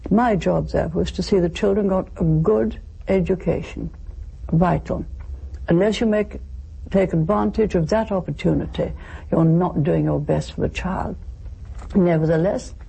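Old British woman leader, a male host's impression: mellow, gravelly, resolute, measured oratory. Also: sits high, voice pushed up, heavily acted, poor audio. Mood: indignant. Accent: British, put on. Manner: slow, measured, emphatic oratory. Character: elderly woman former prime minister, firm and resolute. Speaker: radio host doing an impression.

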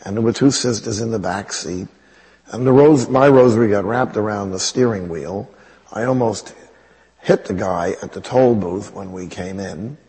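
A man's voice: on the low side, moderate pace, mellow, long reverb tail. A man, a priest, telling a wry personal story in a conversational homily.

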